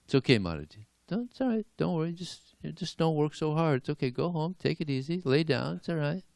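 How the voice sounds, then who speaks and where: A man playing a gentle young mother with a raised, soft voice. She soothes and reassures kindly. The sound is dry and close. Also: fairly high pitch, big pitch swings, brisk, creaky, no echo, voice pushed up. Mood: soothing.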